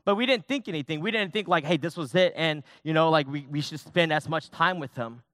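Young guy pastor preaching casual, lots of restarts, smooth slightly high voice, dry sound. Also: brisk, fairly bright tone, dry recording. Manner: personal, conversational preaching with many restarts and fillers. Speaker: youth pastor. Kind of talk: sermon.

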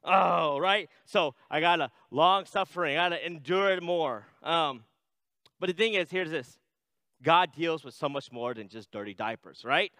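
A man's voice: a little high, normal speed, sharp tone, no room sound. A man preaching a sermon in a conversational way, reading scripture aloud and adding "right?" asides. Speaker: pastor.

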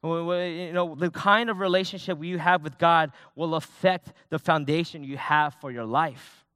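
Young male youth pastor, conversational sermon delivery; smooth, resonant voice, dry close recording. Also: a little high, steady tone, moderate pace, a bit bright, dry recording. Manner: personal, conversational preaching with many restarts and fillers.

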